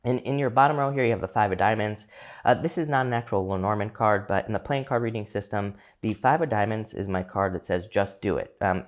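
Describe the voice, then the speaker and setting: A man giving a casual tarot card reading to his viewers, chatty and loose, with fillers and restarts. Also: on the low side. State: hiccups. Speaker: tarot reader.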